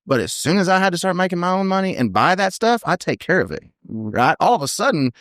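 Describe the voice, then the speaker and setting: A man, a podcast guest telling blunt, rapid stories in casual chat. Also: high-pitched, sing-song, fairly bright tone, dry recording, studio quality. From United States. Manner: blunt, fast storytelling with many "you know what I mean"s. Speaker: podcast guest, team roper.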